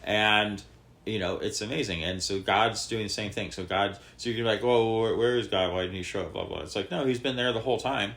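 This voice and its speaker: A man with a lowish voice talks on a podcast and explains things in a loose, rambling way. He restarts his sentences and fills the gaps with 'like' and 'you know'. The tone is relaxed chat. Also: fairly quick. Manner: rambling, many fillers and restarts, explaining a parable. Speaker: podcast co-host. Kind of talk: casual chat.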